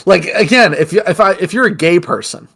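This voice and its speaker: A man's voice: sits high, fairly quick, vocal fry. A young man co-hosting a casual comedic podcast chat, laughing often and breaking into exaggerated outbursts. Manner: animated, laughs a lot, jumps into mock outbursts. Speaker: podcast co-host.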